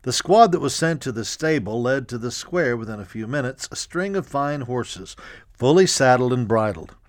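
A man reading a history audiobook in a measured, even storytelling manner. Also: medium pitch, dry recording, studio quality. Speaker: narrator. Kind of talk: scripted audiobook narration.

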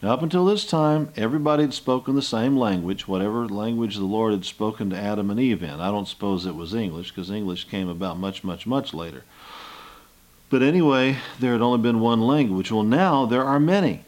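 A man's voice: on the low side, lively intonation, fairly quick, darkish tone. An older man giving a Bible lesson, reading scripture and retelling the story in a folksy, storytelling way. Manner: folksy storytelling, acts out scenes with rising voice. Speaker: Bible teacher.

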